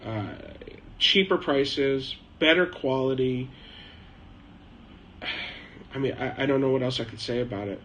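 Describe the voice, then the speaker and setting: Hosting a live chat from his home shed in China, a middle-aged man wanders through a casual story, leaning heavily on uh and um. He speaks in a mid-range, slightly bright voice at a measured pace, pausing often, and the recording is rough with faint hiss or hum.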